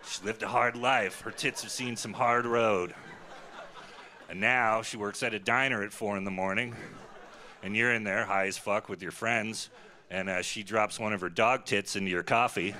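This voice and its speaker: A man in his forties with a lowish, fairly even, pushed and bright voice does a crude, self-mocking stand-up set at a moderate pace on a festival stage. This live recording has slight background noise, with the crowd audibly laughing.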